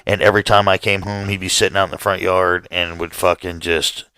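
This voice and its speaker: A man's voice: low voice, little pitch movement, brisk, bright, forceful tone, clean tone, dry recording. A man co-hosting a podcast, telling a rambling, profanity-laced story in casual chat and laughing through it. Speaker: podcast co-host.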